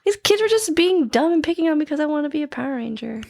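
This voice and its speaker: A young woman, a jiu jitsu instructor, telling stories in casual chat with an animated, squealing delivery. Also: rapid-fire, gravelly. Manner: animated, swings into high squeals.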